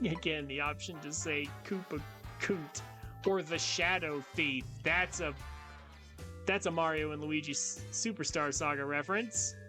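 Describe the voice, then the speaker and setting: A man's voice: a little high, a little slow. Playful man commenting on gameplay. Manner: playful, joking asides. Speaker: let's play host. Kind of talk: casual gameplay commentary, reading dialogue aloud. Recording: game music playing behind.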